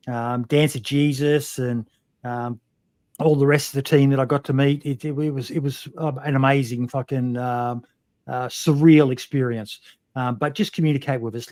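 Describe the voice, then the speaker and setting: In a clean studio recording with no room sound, a male podcast host with a mid-range, slightly mellow voice conducts a casual interview. He talks bluntly, curses a lot and says "um" frequently.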